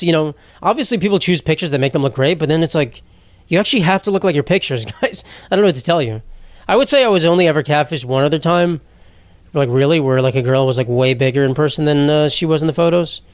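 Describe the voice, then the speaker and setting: A young man hosts his own podcast alone, ranting bluntly about whatever comes up and poking fun at himself as he goes. His voice sits a little high for a man. The sound is dry and close, with no room echo. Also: quick pace. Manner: rambling, blunt and self-mocking, laughs mid-sentence. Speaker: podcast host. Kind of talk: solo comedic podcast rant.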